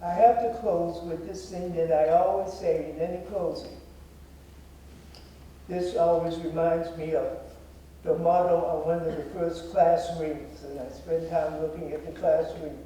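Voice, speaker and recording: A man's voice: on the high side, fairly even intonation, unhurried, mellow, slight background noise. A man in his nineties gives an earnest, formal speech to an audience as guest speaker in a theater. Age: 90s. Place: theater auditorium. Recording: very echoey hall, voice heard from a distance.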